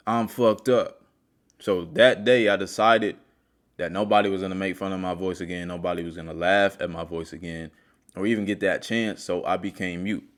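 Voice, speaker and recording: A man's voice: deep voice, smooth. A man hosting a self-help video, speaking earnestly and straight to the viewer as he tells a personal story in a motivational monologue.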